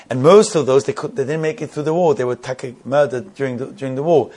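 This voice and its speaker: Husky guy preaching a story, lots of restarts and repeats, gets worked up asking why. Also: medium pitch, warm tone. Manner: halting, repeats words, builds to emphatic questions. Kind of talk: storytelling sermon to an audience.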